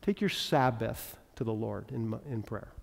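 A man preaching a sermon as a pastor, moving from loud emphatic passages to quiet, intimate appeals and prayer. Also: lowish voice, expressive, measured pace, vocal fry. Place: church sanctuary. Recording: long reverb of a large hall.

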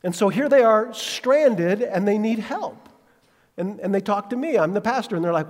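A man's voice: high-pitched, moderate pace, big-room sound. A male pastor preaching a sermon, telling stories animatedly and asking listeners direct questions. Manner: animated storytelling, acts out quotes, asks listeners questions.

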